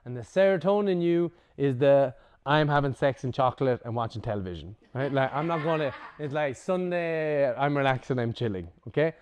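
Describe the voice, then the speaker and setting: A man teaching a breathwork workshop to a group, casual and lively, swearing now and then and acting out examples. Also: mid-range voice, moderate pace, hardly any pauses, clean tone. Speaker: breathwork instructor.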